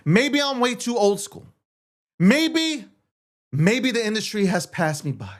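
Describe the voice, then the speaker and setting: Slow yet very animated, a male show host rants to his livestream viewers in a high-pitched voice. He boasts and swears brashly, repeats phrases and keeps firing rhetorical questions.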